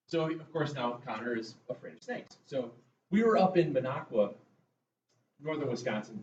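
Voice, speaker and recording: A man's voice: mid-range voice, darkish tone, recorded from a distance, slight background noise. A male math teacher, giving a casual, chatty classroom lecture and telling stories to his students. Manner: conversational, tells stories to the class. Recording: roomy classroom, voice from afar, dull sound.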